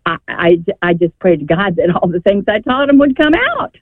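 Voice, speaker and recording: A woman's voice: lowish voice, animated, normal speed, dry recording. An older woman calling in to a radio show, telling her story in a rambling, emphatic way over the phone. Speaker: caller. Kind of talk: call-in radio chat. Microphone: telephone. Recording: tinny phone line.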